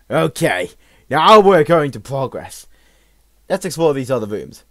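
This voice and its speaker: Young man, horror let's-play commentary, lively swinging pitch, slow-paced. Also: dry recording. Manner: jumpy, exclaims loudly when startled, laughs often. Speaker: gaming channel host.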